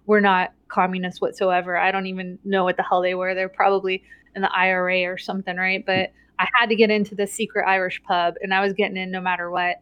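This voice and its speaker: A middle-aged woman telling a story in casual chat, animated and laughing often, with many "like" and "right?" tags. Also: mid-range voice, fast talker, clean tone, no echo, muffled recording.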